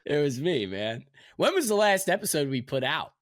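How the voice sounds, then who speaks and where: A man co-hosting a podcast, chatting casually, joking and stammering through deadpan bits. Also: on the high side, moderate pace, no echo, clean studio sound. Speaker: podcast co-host. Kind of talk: casual chat.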